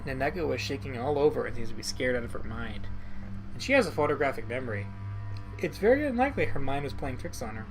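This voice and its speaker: A man's voice: mid-range voice, big pitch swings, fast talker, over music, poor audio. A man reading a visual novel aloud and adding wry asides. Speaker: let's play streamer.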